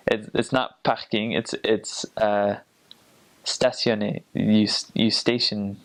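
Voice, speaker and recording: A man's voice: on the low side, level tone, slow pace. A young man chatting casually, rambling with many fillers and frequent laughter as he shares tips on a language. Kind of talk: casual chat.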